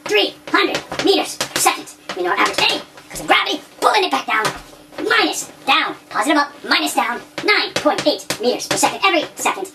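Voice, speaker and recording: A man's voice: very high voice, big pitch swings, brisk, noisy background, pitched above the performer's own voice, heavily acted. A man putting on a German scientist voice to explain physics problems step by step. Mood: lecturing. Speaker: physics teacher.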